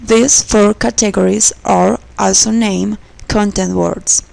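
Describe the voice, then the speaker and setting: Woman slowly reading a pronunciation lesson. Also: mid-range voice, steady tone, vocal fry, a little mellow, low-quality recording. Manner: slow, careful reading of example words. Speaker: student presenter.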